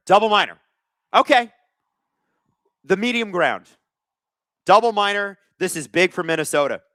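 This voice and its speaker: A man hosting a live hockey watch-along, reading viewer chat aloud and calling plays with excitable energy. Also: high-pitched, normal speed, no room sound, clean studio sound.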